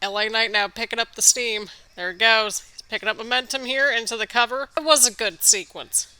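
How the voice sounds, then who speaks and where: Bright, chatty woman reacting to wrestling. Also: a little high, dry recording. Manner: chatty and excitable, quick laughs and playful asides. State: stuffy nose from allergies. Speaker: wrestling reaction video host. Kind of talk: casual live reaction commentary.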